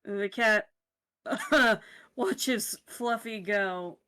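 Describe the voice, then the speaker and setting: Unhurried woman game master narrating. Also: mid-range voice, pushed and bright, smooth. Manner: casual, swears, halting with fillers.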